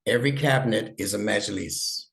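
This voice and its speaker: A middle-aged imam and Arabic instructor tutors a young student one-on-one, talking a little fast in a lowish, creaky voice with a fairly bright tone. He still explains patiently, step by step, and checks that the student understands.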